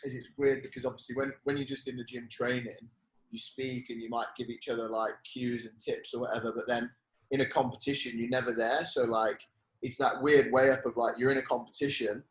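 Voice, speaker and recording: A man's voice: medium pitch, little pitch movement, a little fast, poor audio. Easygoing male guest, filler-heavy talk. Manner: loose, filler-heavy explaining. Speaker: podcast guest, athlete. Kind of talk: casual interview chat.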